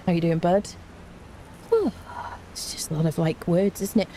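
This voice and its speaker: A woman's voice: lowish voice, expressive, moderate pace, mellow, a little hiss or hum. A woman with a cold, chatting playfully with her live-stream viewers and greeting them by name from home. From Britain. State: has a cold. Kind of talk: casual live-stream chat. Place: indoors at home.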